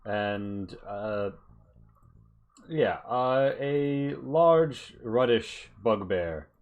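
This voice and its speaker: A man's voice: mid-range voice, lively intonation, very slow, phone-quality sound. A man narrating a tabletop game as game master in a casual, hesitant way.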